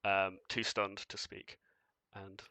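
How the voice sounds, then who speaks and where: A man's voice: deep voice, monotone, takes it slowly, sharp tone, no room sound. A man narrating as game master of a tabletop game, casual and loose, with fillers and chuckles.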